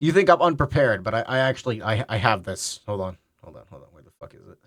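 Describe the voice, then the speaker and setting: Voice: mid-range voice, sing-song, fast talker, no echo, clean studio sound. Rambling, swearing game streamer. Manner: rambling, self-interrupting, swears. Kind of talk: casual game commentary.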